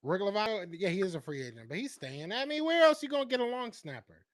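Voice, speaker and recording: A man's voice: high voice, very animated, fast talker. A man hosting a sports call-in show, easygoing and agreeable, chatting casually with a caller. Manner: easygoing, agreeable, laughs along. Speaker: host.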